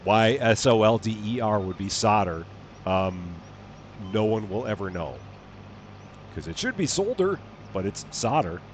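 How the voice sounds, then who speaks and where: A man's voice: fairly low pitch, a little slow, long pauses, slight background noise. A man with a chatty, amused manner, chatting casually with his live-stream audience and laughing often. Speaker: game streamer reading chat.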